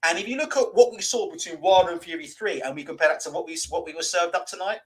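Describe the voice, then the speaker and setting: A man's voice: high voice, big pitch swings, quick pace. A man hosting a boxing livestream, ranting, swearing and reading out viewer comments, with mocking put-on voices. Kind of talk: live-stream rant and comment reading.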